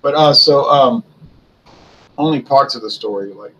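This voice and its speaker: A man's voice: mid-range voice, measured pace, fairly bright tone, breathy edge, poor audio. A man giving a casual spoken history commentary, chatty and conversational, asking rhetorical questions and answering them himself. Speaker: history video host.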